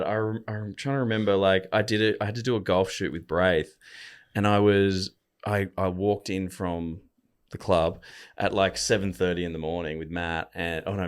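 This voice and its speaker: A young man with a very deep voice spins loose, rambling stories on a podcast, laughing along as he goes. His talk is casual, with plenty of swearing. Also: fairly bright tone, clean tone. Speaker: podcast guest. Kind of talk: casual chat.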